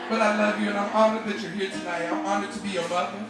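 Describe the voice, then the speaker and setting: A woman in her thirties, a singer and bandleader, speaking from the stage in a heartfelt, halting way and choked up with emotion. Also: mid-range voice, fairly even intonation, music in the background. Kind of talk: stage talk at a live concert. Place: bar stage with a live audience. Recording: echoey live club recording from far off, loud band and crowd.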